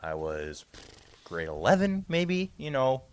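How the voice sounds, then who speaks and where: A young man co-hosting a podcast, rambling through a profane, animated story in casual chat. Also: mid-range voice, slow. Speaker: podcast co-host.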